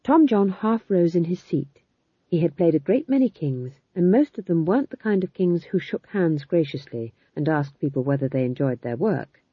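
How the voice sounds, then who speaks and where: A woman narrating an audiobook in an expressive, wry reading style. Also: fairly low pitch, moderate pace, breathy edge, dry recording. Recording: slightly dull lo-fi recording.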